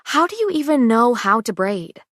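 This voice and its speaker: A woman reading the lines of a defiant, sharp-tongued young heroine, raised and incredulous. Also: on the high side, sing-song, normal speed, dry recording, clean studio sound, voice pushed up. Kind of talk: audiobook character reading.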